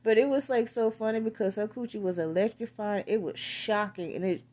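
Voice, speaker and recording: A woman's voice: mid-range voice, steady tone, brisk, darkish tone. A woman casually recapping a film's plot, rambling with crude slang and lots of filler words. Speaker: film reviewer.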